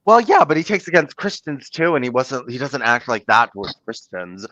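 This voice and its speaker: A man's voice: mid-range voice, big pitch swings, moderate pace, few pauses, fairly bright tone, no room sound. A man talking casually as a host, telling a story in rambling fashion, full of "like" and "you know" and free swearing. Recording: dull, muffled lo-fi audio.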